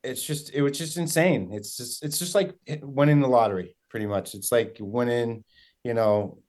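A young man recounts a story in an easy, casual way, full of fillers and acted-out quotes from friends. His voice sits mid-pitch and gets animated as the tale builds. He talks into a podcast microphone. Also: normal speed. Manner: excited, rambling, many fillers and quoted dialogue. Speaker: guest hunter.

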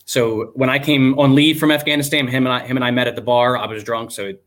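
Candid young man, mid-pitch. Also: steady tone, fast, a bit bright. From United States. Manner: loose and candid, many ums, swears, acts out quoted people. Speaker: guest, army veteran. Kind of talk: casual spoken storytelling.

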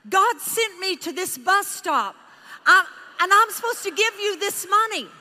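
A woman from Texas telling a story in a sermon, animated and emotional, speaking straight to her audience. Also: extremely high pitch, a little slow, in a large hall. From Houston, Texas. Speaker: Bible teacher.

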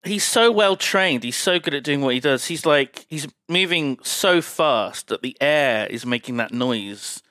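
A man's voice: mid-range voice, expressive, measured pace, hardly any pauses, sharp tone, no echo. A man hosting a podcast, recapping a film scene in casual, sweary chat and acting out sound effects. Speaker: podcast host.

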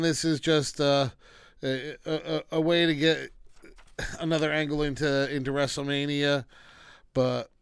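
Male reviewer with a smooth, dry voice who rambles and rants, brushing things off casually. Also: on the high side, no echo. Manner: rambling and dismissive, breaks into rants. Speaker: wrestling show reviewer. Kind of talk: casual solo commentary.

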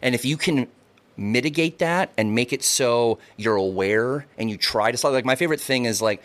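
A man's voice: medium pitch, moderate pace, a bit bright. A man in casual podcast chat, rambling and swearing freely, often repeating words as he tells stories.

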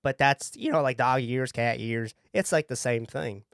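A man's voice: moderate pace, a bit bright, dry recording, clean studio sound, natural voice. A man improvising as a teenage cotton-ball alien patient in therapy, hesitant and stammering. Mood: earnest. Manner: hesitant, stammering, squeaks when shocked. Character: teen male cotton-ball alien patient, earnest, easily flustered. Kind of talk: improvised comedy role-play.

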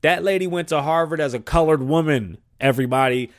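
A man's voice: on the high side, brisk, hardly any pauses. A man hosting a podcast, ranting with heavy profanity and switching between English and Spanish. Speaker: podcast host. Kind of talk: solo podcast rant.

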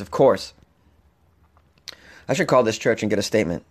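A man hosting a comedic podcast, slightly hoarse, rambling and animated with frequent restarts. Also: medium pitch, fast, long pauses. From Boston, Massachusetts. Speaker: podcast host. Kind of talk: casual comedic podcast monologue.

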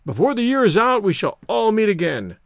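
A man voicing a kindly, sympathetic priest who talks in a gently reproving way. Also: on the high side, sing-song, a little fast, dry recording, studio quality. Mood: hopeful.

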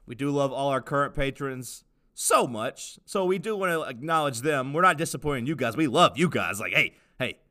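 A man with a bright, ringing tone. He co-hosts a casual podcast, rambling and joking with plenty of fillers. His pitch sits in the middle range. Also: lively intonation, normal speed. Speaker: podcast co-host.

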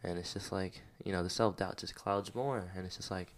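A man's voice: low-pitched, fairly even intonation, moderate pace, few pauses. A man hosting a personal podcast, talking candidly and emotionally about his struggles, rambling with many fillers and near tears. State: close to tears. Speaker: podcast host. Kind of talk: personal reflective monologue.

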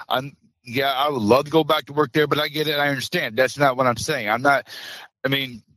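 A man on the edge of crying speaks haltingly and keeps restarting his sentences. His voice sits in a middle range and is recorded dry and close. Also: medium pitch, fairly bright tone, dry recording, poor audio. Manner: halting, apologetic, many restarts. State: close to tears. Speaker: interview guest, former truck driver. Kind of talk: emotional interview.

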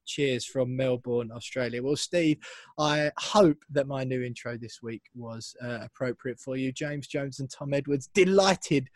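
A man's voice: mid-range voice, a little slow, dry recording. A man hosting a football fan podcast, chatty and playful, reading listener messages aloud. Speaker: podcast host. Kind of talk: casual podcast chat.

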